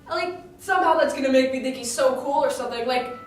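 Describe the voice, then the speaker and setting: Woman, high voice, chatty in-character retelling, indignant, lots of restarts, distant mic in a roomy space. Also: expressive, quick pace, soft background music. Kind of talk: in-character monologue retelling a tragedy. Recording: echoey room, distant mic, faint ambience.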